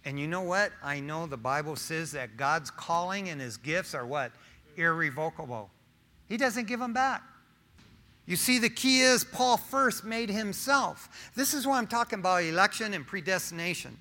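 A middle-aged man delivers a conversational sermon with personal testimony, speaking straight to the congregation with questions and slang. His high voice is pushed and bright, at a moderate pace.

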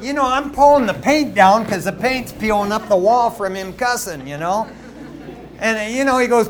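Male pastor, fairly high voice, chatty storytelling sermon, faint background noise. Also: normal speed. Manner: animated, conversational storytelling with asides to the congregation.

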